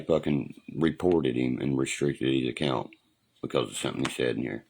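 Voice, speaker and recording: A man's voice: extremely low pitch, moderate pace, vocal fry, a little mellow, slight background noise, low-quality recording. A middle-aged man talking on a home livestream into a phone, rambling and profane, forever asking whether you know what he means. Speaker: livestream host.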